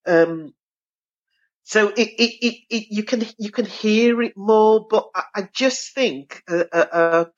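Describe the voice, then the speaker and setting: A woman from Birmingham with a Brummie accent, chatting as an actor guest in an interview, telling lively stories. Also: mid-range voice, takes it slowly, highs cut off. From Birmingham, England. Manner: lively, expressive storyteller who acts out voices. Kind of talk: casual interview chat.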